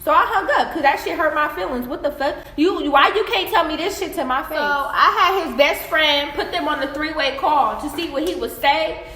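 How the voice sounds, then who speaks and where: High bright young woman, echoey phone vlog. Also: normal speed, few pauses, slight background noise. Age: young adult. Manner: blunt, profane, animated retelling. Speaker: vlogger. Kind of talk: casual storytelling vlog.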